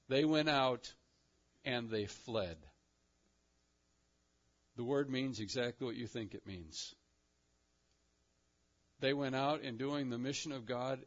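A man preaching a sermon emphatically, asking his listeners rhetorical questions and swinging between loud and quiet. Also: mid-range voice. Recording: dull lo-fi recording.

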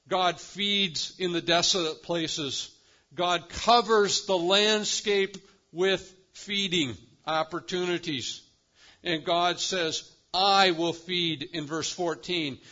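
Slow, emphatic male preacher. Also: a little high, highs cut off. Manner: slow, emphatic preaching with swells in volume and quiet drops. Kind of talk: sermon.

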